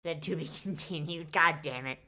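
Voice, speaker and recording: A woman's voice: deep voice, moderate pace, background noise. A woman streaming a mystery game, reading characters aloud and breaking off into profane, sardonic asides. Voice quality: swears freely, sardonic. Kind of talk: let's-play with character voices and profane asides.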